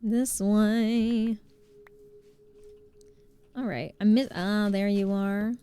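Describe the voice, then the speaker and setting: A woman's voice: mid-range voice, flat delivery, drawn-out words, mellow, smooth. A woman livestreaming a game, chatting casually, laughing often and greeting her chat. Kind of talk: casual gaming stream chat.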